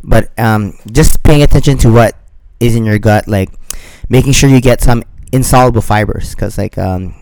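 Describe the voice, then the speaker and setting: Male podcast co-host, mid pitch, meandering delivery full of "like" and "um". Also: moderate pace, hardly any pauses, no room sound, rough recording. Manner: rambling, lots of fillers, trails off quietly. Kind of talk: casual chat.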